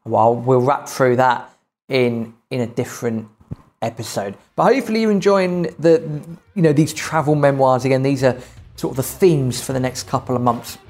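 A man's voice: mid-range voice, steady tone, moderate pace, darkish tone. A male podcast host in casual chat, telling travel stories with a mid-range voice. He rambles through his anecdotes, often restarting and filling gaps with "you know.".

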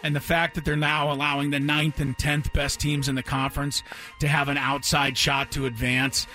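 A man on a sports debate panel, speaking in a bright, slightly high voice. He gives firm opinions on the games with a dry edge. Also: completely flat delivery, normal speed, faint music behind.

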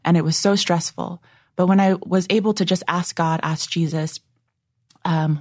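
A young woman earnestly sharing a personal faith testimony, reflective and full of filler words, sometimes dropping to a soft hush. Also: lowish voice, fairly even intonation, fairly quick, no room sound, studio quality.

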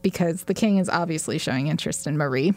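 A woman co-hosting a podcast in casual recap chat, animated, acting out lines and laughing often. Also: deep voice, fast talker. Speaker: podcast co-host.

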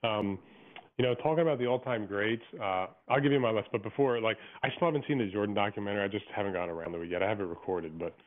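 A man's voice: lowish voice, quick pace. Male caller from Philadelphia, rambling opinionated rants, narrow phone-line sound. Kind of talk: phoned-in radio chat. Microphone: telephone. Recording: tinny phone line on radio.

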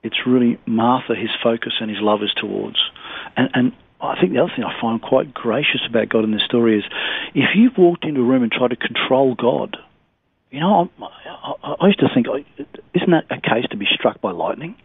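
A man speaks earnestly and gently as a guest on a faith radio interview. His voice is husky and comes through a tinny phone line, and he often repeats words as he explains. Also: medium pitch, fairly quick, no echo. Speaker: ministry director, radio guest.

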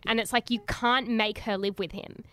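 A woman trades sarcastic quips in casual podcast chat. Her voice sits fairly high. The sound is close and dry. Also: clean tone, dry recording. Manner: animated, quick reactions, sarcastic recaps. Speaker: podcast co-host.

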